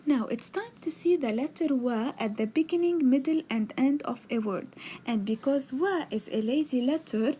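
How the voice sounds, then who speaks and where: On a tablet microphone, a woman narrates a slow beginners' alphabet lesson, patiently sounding out letters and words and explaining each step. Her voice sits high and mellow at normal speed, with slight background noise.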